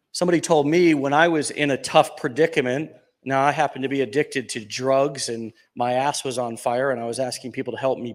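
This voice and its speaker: Speaking on the high side, a man delivers a joking, energetic motivational talk before a live crowd at an event venue. His delivery swings from loud bursts to hushed asides.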